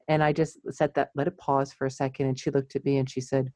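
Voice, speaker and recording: A middle-aged woman, a clinical psychologist, chatting casually and telling lively stories with frequent laughs. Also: very deep voice, fast talker, hardly any pauses, no room sound. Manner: animated storyteller, laughs often.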